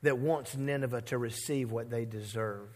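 Speaking at a moderate pace with a medium-pitched voice, a male pastor preaches to a congregation in a large hall. His delivery is animated and conversational; he voices different characters and prompts the crowd to say words along with him.

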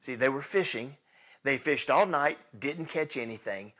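A man preaching a sermon in a casual, conversational way, swinging between loud bursts and hushed asides as he tells the story. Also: medium pitch, lively intonation, moderate pace. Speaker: pastor.

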